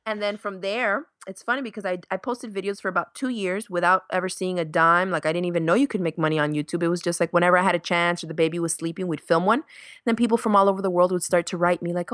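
A woman's voice: on the low side, fairly even intonation, fast talker, fairly bright tone, dry recording, studio quality. A woman in her thirties, a guest on a podcast, chatting casually and acting out quotes as she tells stories. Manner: chatty storyteller, acts out quotes with laughs. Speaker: podcast guest, sewing YouTuber. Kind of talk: casual interview chat.

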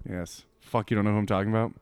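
A man's voice: fairly low pitch, fairly even intonation, racing, clean tone, dry recording. A man co-hosting a podcast, chatting casually in a blunt, teasing way and swearing freely. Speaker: podcast co-host. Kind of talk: casual chat.

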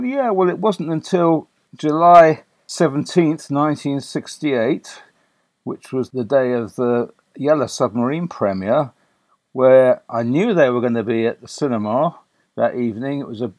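A man's voice: medium pitch, unhurried, darkish tone, dry recording. Older English man, guest raconteur, conversational and rambling, dry close recording. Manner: anecdotal, chatty with frequent fillers and restarts. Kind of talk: conversational storytelling.

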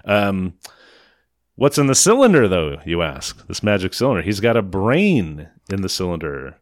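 A man with a deep, low voice talks through a movie plot in a loose, rambling way, swearing now and then. The recording is dry and close, with no room sound. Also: big pitch swings, moderate pace, dry recording. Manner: rambling, profane, loose recap. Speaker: podcast host recapping a film. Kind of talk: casual chat.

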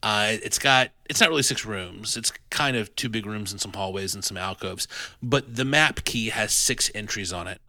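A man hosting a casual podcast chat about a tabletop adventure, animated and self-deprecating, with many restarts. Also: fairly low pitch, normal speed, no echo. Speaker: podcast host reviewing an adventure.

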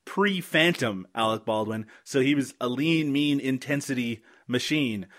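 A man's voice: mid-range voice, measured pace, a bit bright. A man hosting a casual movie podcast, wry and sarcastic, swearing freely. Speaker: podcast host. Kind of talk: casual chat.

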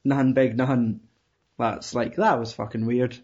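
A husky-voiced man hosts a loose chat, at a typical middle pitch for a man. He tells rambling stories, laughs easily and steers the talk with questions. The sound is a bit dull and lo-fi. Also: level tone, moderate pace, a little mellow. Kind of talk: casual chat.

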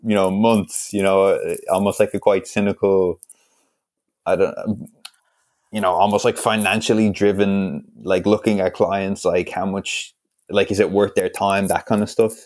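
A man hosting a podcast interview, supportive and thoughtful, pausing as he talks. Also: low voice, level tone, darkish tone, no echo, clean studio sound. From Ireland. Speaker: podcast host. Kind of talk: casual interview.

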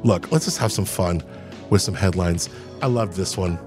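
A man's voice: sits low, normal speed, music in the background. A man hosting a casual radio show, joking with himself in playful asides. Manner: playful, self-mocking, jokey asides. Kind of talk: casual morning radio chat.

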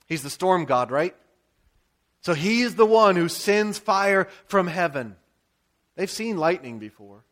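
An American man, a pastor, preaching a sermon in a conversational, animated storytelling way with frequent asides. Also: high-pitched, measured pace.

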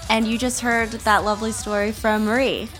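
A woman co-hosting a podcast, introducing a guest and chatting in a relaxed way. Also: a little high, moderate pace, faint music behind. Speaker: co-host. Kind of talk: casual podcast chat.

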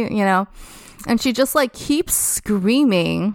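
A woman's voice: a little high, expressive, a little slow, dry recording, clean studio sound. A young woman casually telling a story on a podcast, chatty and full of "like". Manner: chatty, heavy use of "like" as a filler. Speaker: podcast guest.

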